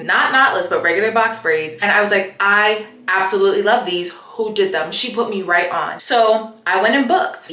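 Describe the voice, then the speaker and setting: A young woman talks straight to her viewers in a bright, forceful voice, chatty and expressive. She leans into emphatic repeats as she vents. The room around her rings with a noticeable echo. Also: mid-range voice. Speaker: vlogger. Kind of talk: casual chat to camera. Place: home, getting ready for the day. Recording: roomy echo.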